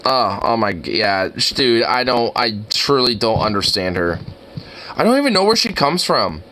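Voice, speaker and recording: A young man doing casual reaction commentary, incredulous and excitable, who swears a lot and trips over his words. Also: mid-range voice, normal speed, a little hiss or hum. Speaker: reaction video host.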